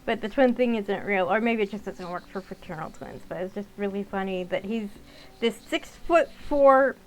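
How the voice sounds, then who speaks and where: In a rough recording with a little hiss or hum, a gaming channel host reads through a visual novel as let's-play narration. She is a young woman with a mid-range voice and moderate pace, dropping casual commentary and fillers between lines.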